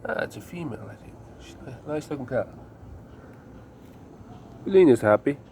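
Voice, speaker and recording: A man's voice: mid-range voice, expressive, normal speed, a little mellow. Man, casual walking vlog, wry chatty commentary, handheld camera, traffic noise behind. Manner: chatty, wry asides to viewers, swears. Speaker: vlogger walking his dog. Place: city street outdoors.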